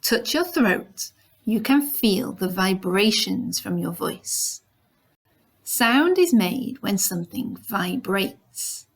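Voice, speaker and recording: Woman teacher for a kids' lesson, unhurried and patient, pitch in the middle. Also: expressive. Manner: demonstrates sounds, bilingual repetition. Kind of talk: slow, clear lesson for young children.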